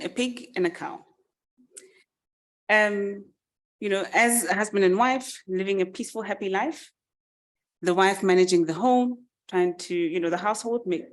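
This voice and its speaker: A woman giving a speech, narrating a farmyard fable with lively, animated delivery. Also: medium pitch. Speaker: summit speaker. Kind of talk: storytelling speech.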